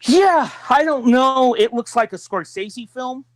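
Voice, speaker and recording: A man's voice: very high-pitched, animated, measured pace, dry recording. A young man co-hosting a podcast, chatting casually with upbeat, jokey banter. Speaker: podcast co-host. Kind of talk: casual chat.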